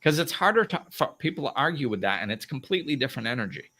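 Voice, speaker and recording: A middle-aged man hosts a live self-help talk in a lively voice that swings widely up and down. His tone is bright and forceful, and he often laughs while acting out both sides of a quarrel. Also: mid-range voice, rapid-fire. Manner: animated, acts out arguments in raised voices, laughs often. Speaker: host.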